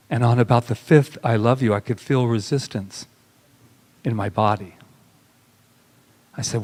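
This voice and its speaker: A male minister giving a sermon, talking intimately and emotionally, sliding from soft murmurs into raised bursts. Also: medium pitch, unhurried, long pauses. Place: spiritual center sanctuary. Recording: long hall reverb.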